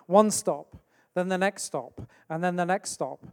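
A man's voice: high-pitched, unhurried, smooth. A man from England preaching a sermon, telling a story with acted-out asides. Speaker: pastor. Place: church hall. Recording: long hall reverb.

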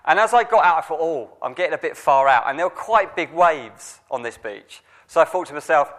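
A man's voice: on the high side, expressive, a little fast, a bit bright. A man preaching a sermon, telling a personal story in a conversational way with frequent restarts.

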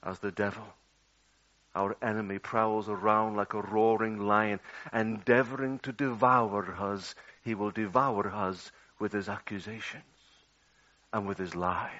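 A man preaching a sermon, swinging dramatically between loud outbursts and hushed, low passages. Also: steady tone, measured pace. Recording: dull lo-fi audio.

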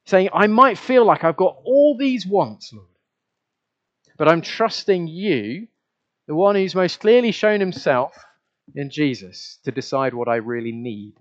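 This preacher's voice is fairly high and animated, his delivery unhurried. He addresses the congregation conversationally, asking them questions and now and then repeating what he said, all on a dull lo-fi recording.

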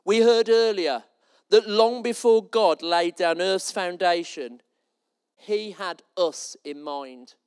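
A man's voice: sits high, takes it slowly, smooth. A man preaching a sermon in a church, conversational and storytelling, with light jokes.

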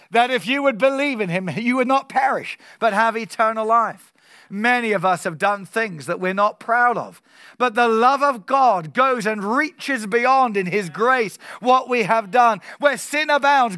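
A man preaching a sermon to a church meeting, emphatic and slowing down on key phrases. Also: high voice, pushed and bright, smooth, dry recording, clean studio sound.

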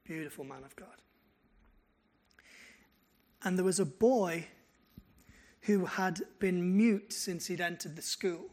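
A man's voice: sits high, takes it slowly, long pauses. A male pastor, preaching a sermon and telling stories with quoted dialogue. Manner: animated storytelling with quoted dialogue.

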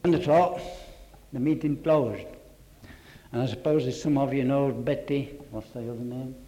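A man telling his church testimony to a congregation, earnest, dropping to a hush for quoted voices. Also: medium pitch, steady tone, normal speed.

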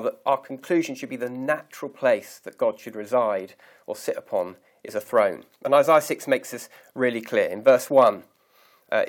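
A man preaching a sermon, reading scripture aloud slowly and deliberately and pausing to stress key words. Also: medium pitch. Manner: measured, emphatic reading of scripture.

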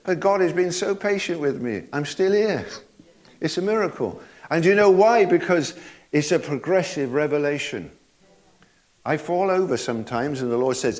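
A man's voice: fairly high pitch, animated, normal speed, darkish tone. An older man preaching a sermon in a folksy way, chuckling often and asking his listeners rhetorical tag questions.

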